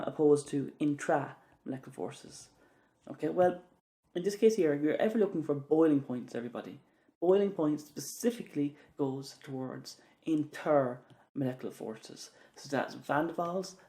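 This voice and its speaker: A man's voice: on the high side, dark tone. A man teaching chemistry, walking through exam questions and repeating key words with frequent "okays". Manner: repeats key words for emphasis, many "okay"s. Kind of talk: exam walkthrough lesson.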